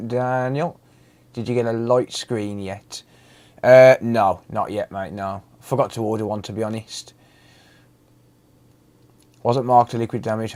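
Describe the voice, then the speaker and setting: A man's voice: mid-range voice, darkish tone. A man hosting a casual live stream, greeting viewers by name and chatting loosely.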